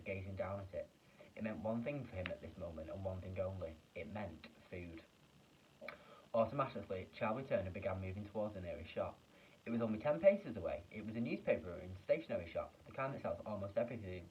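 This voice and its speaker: A man, a teacher, reading a children's book aloud with expressive storytelling and small slips. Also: fairly low pitch, fast talker, distant mic, dull audio, slight background noise.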